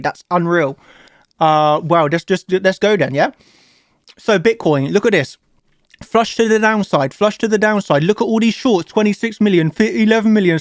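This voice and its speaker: Hyped high-voiced streamer. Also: male voice, no room sound, clean studio sound. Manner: hyped, emotional, repeats words, laughs often. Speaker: crypto trading streamer. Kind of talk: excited live stream chart talk.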